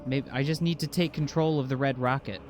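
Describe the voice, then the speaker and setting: A man casually commentating his game playthrough, jokey and excitable, reading item scans aloud. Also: mid-range voice, a little fast, soft background music. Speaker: game streamer. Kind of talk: casual let's-play commentary.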